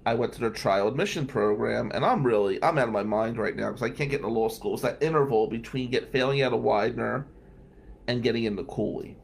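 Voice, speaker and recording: A man's voice: medium pitch, quick pace, gravelly. A man with a mid-range voice recounts a personal story in a loose, conversational way. He wanders into wry asides and drops the odd curse word as he goes. A faint background noise sits under his voice. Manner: digressive, profane, wry asides. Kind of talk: casual storytelling monologue.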